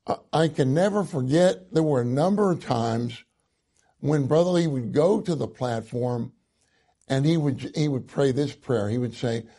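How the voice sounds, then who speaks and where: A man preaching a sermon, slow and earnest, quoting scripture at length. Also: on the high side, mellow.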